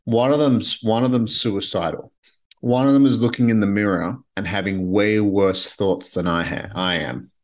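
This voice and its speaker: A man's voice: lowish voice, steady tone, normal speed. A man from Canada hosting a solo podcast, talking candidly and rambling, swearing now and then. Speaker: podcast host. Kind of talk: solo reflective podcast monologue. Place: his apartment.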